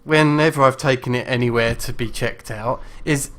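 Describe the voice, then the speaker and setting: A man talks casually on a live game stream, rambling through his thoughts with plenty of pauses and restarts. His voice sits at an ordinary middle pitch. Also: fairly bright tone. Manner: rambling, lots of ums and restarts. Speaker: streamer hosting a live show.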